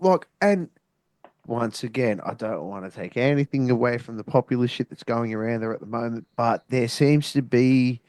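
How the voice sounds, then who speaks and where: A man's voice: medium pitch, darkish tone, no echo. A man co-hosting a music reaction show, speaking passionately and emphatically in casual chat.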